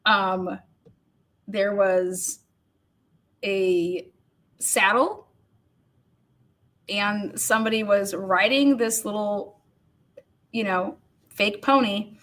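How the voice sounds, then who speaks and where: Animated woman telling a wild story. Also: fairly high pitch. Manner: animated, swears often, acts out quoted people, laughs through telling. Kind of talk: casual storytelling.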